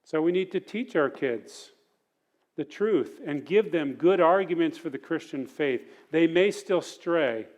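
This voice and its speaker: A man's voice: a little high, expressive, measured pace, a little mellow, lo-fi sound. A middle-aged man teaching a parenting sermon at church in an earnest, conversational way.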